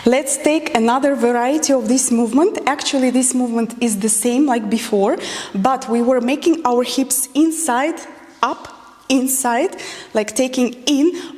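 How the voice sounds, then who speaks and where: A woman's voice: fairly high pitch, darkish tone. A woman teaching a dance lesson, counting beats aloud as she demonstrates moves and explains common mistakes. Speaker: dance instructor. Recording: long hall reverb.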